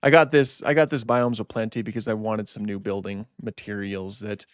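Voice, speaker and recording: A man's voice: lowish voice, level tone, moderate pace, no echo, studio quality. A man hosting a gaming channel, chatting casually as he plays and repeating himself when startled. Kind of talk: casual let's-play commentary.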